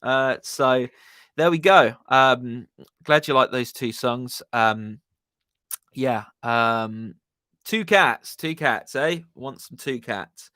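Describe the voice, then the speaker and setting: A man's voice: mid-range voice, slow, bright, forceful tone, no room sound, studio quality. A man hosting a music live stream, chatting casually with viewers in a laid-back, rambling way and greeting them by name.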